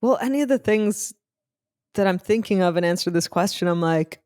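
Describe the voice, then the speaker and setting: Co-host, smooth clear voice, dry close sound, playful chat. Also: mid-range voice, animated, brisk, a little mellow, dry recording. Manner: playful, laughs often. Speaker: podcast co-host. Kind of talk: casual chat.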